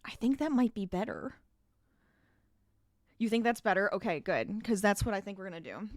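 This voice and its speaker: A woman's voice: a little high, animated, normal speed, no room sound, clean studio sound. A woman chatting casually on a livestream while she crochets, laughing often and trailing off mid-sentence, a little out of breath. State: a bit out of breath.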